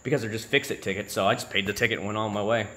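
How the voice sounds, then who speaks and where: A man's voice: lowish voice, fairly even intonation, racing, pushed and bright. A man from Florida chatting casually on a livestream, telling road stories in a chatty, profane, exasperated way. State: married. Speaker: YouTube channel host.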